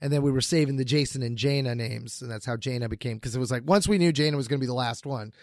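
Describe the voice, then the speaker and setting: A middle-aged man co-hosting a casual podcast chat, an animated storyteller who gets enthusiastic and repeats words when excited. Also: mid-range voice, fast, no room sound, studio quality. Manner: animated storyteller who acts out quoted voices. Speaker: podcast co-host.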